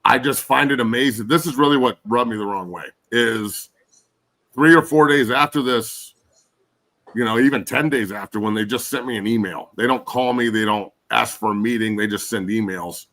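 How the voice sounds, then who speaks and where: A man's voice: mid-range voice, moderate pace, fairly bright tone, poor audio. A man in his forties, a guest and former pro football player, ranting angrily and cursing in casual podcast chat. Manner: angry, profane ranting.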